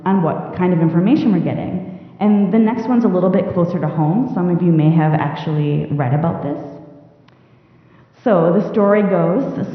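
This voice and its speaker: Young woman presenter, informal talk, lowish pitch, roomy hall reverb, tinny lo-fi sound. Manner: chatty, asks "right?" often, laughs at odd headlines. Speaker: presenter on news literacy. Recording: echoey hall, phone-like sound.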